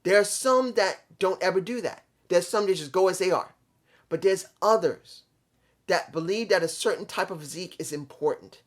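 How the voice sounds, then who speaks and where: Earnest rambling man, middle pitch. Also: normal speed. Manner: earnest, rambling, repeats himself. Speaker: vlog host. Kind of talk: casual monologue on pro wrestling.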